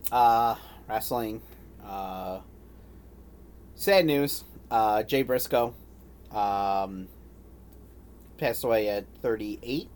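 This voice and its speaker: A man's voice: lowish voice, extremely slow, pauses often, a little mellow. A man co-hosting a podcast, reading out news items and bantering casually. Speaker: podcast co-host. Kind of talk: casual chat.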